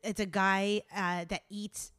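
A woman with a mid-range voice talks chattily on a podcast, quick to giggle and lively when telling a story. She sits close to a dry mic with no room sound. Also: medium pitch, smooth, no room sound. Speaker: podcast co-host. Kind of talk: casual chat.

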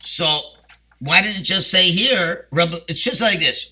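A man's voice: on the high side, big pitch swings, normal speed, bright, forceful tone, husky. A man with a Yeshivish English accent and Ashkenazi Hebrew, teaching a class on the Haggadah. He explains step by step and poses questions, then answers them himself. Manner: explanatory, asks and answers his own questions. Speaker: Torah teacher.

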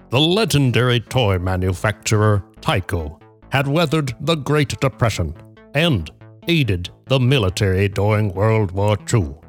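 A man hosting a podcast, reading a prepared story in a measured, dry way that builds to punchlines. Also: fairly low pitch. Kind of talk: scripted narration with casual banter.

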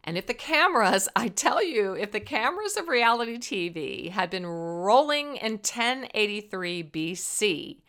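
A woman's voice: mid-range voice, a bit bright. A woman telling a Bible story as a lesson in a playful, dramatic way. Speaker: Bible teacher.

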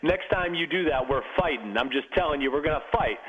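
A man imitating a male football player who issues a flat, calm warning. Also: a little high, fairly quick, narrow, tinny audio, natural voice. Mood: threatening.

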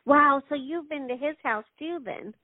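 A woman's voice: high-pitched, moderate pace, no room sound. A woman hosting an interview, reacting to her guest with many exclamations. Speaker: host. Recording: phone-like, dry line.

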